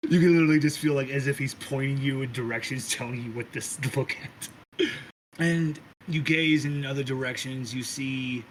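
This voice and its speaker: A man's voice: medium pitch, moderate pace, a little hiss or hum, rough recording. A man narrating a tabletop role-playing game as game master, casual and profane. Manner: casual, profane, lively describing.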